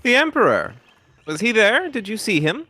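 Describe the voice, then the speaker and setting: A man's voice: high-pitched, sing-song, moderate pace, bright, forceful tone, full character voice. A man voicing an earnest, formal monk in a live voice-over of game dialogue. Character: earnest male monk, a middle-aged abbey priest.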